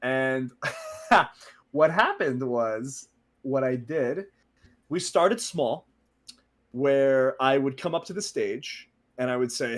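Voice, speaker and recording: A man casually telling a story on a stream, animated and laughing as he acts out what people said. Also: medium pitch, slow, pauses often.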